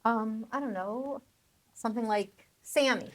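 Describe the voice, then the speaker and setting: A woman playing a gentle, lonely farm wife. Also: on the high side, a little slow, natural voice. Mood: flustered. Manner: earnest, gentle, easily flustered. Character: lonely kind-hearted farm wife, adult. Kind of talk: radio play acting.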